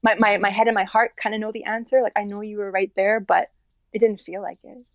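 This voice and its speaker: An earnest woman telling her story in an interview, her voice sitting at an ordinary middle pitch as she circles back and restarts her sentences. The sound is dry and a little dull. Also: little pitch movement, no echo. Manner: earnest, talks in halting restarts with many likes. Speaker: interview guest. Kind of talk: candid personal interview.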